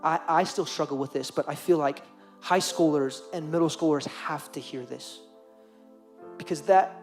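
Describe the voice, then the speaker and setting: A man's voice: on the high side, normal speed, soft background music. A young man preaching a sermon to teenagers as youth pastor, earnest and emotional, repeating phrases for emphasis.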